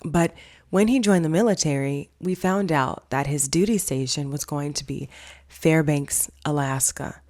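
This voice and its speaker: On her relaxed storytime vlog, a family counselor recounts something that happened to her, voicing the quoted dialogue as she chats. She speaks unhurriedly in a low, slightly mellow voice.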